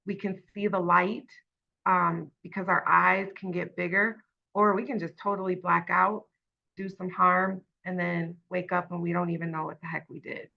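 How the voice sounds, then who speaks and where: A woman in her thirties leading a workshop in a conversational tone, often asking "right?" and pausing on fillers. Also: on the low side, creaky, highs cut off. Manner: conversational, tag questions, many fillers. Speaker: workshop facilitator. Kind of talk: online workshop talk.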